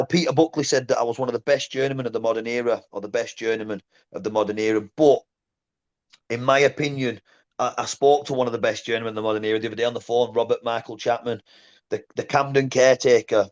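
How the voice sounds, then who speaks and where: A man, a former boxer telling stories in a casual interview, blunt and animated, often saying "mate". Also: mid-range voice, muffled recording. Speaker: guest, former boxer and coach.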